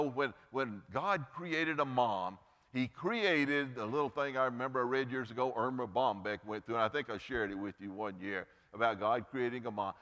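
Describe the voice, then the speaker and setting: A man's voice: fairly bright tone, big-room sound. A man preaching a Mother's Day sermon as pastor, earnest, lifting and dropping his voice for emphasis, then praying. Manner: earnest preaching, pitch and volume rising and falling for emphasis. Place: church sanctuary.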